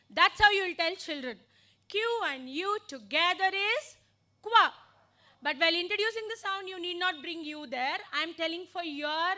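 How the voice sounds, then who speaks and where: A woman training teachers in phonics, modeling letter sounds slowly and deliberately. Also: very high-pitched, pushed and bright.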